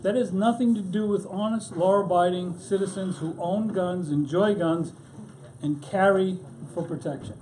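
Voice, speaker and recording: A middle-aged man testifies at a legislative hearing in a high, mellow voice. He argues his point with a sardonic edge. Faint hearing-room hiss runs underneath. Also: normal speed, poor audio. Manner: sardonic, argumentative.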